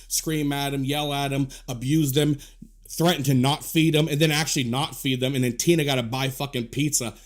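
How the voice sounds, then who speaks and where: A man delivering a heated, profanity-filled rant to camera, scolding and repeating himself. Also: medium pitch. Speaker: commentator.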